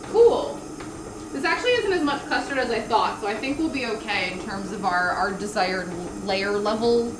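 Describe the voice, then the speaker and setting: A woman's voice: a little high, background noise. A young woman chatting casually and giggling as she bakes in her home kitchen, rambling through asides. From Canada. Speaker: baking vlogger. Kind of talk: casual chat while baking. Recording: echoey room with background music. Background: background music.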